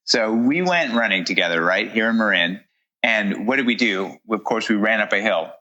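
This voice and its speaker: Man, upbeat guest, enthusiastic, fillers, lowish voice, bright forceful tone. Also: lively intonation, moderate pace, dull audio. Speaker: guest runner. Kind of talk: casual interview chat.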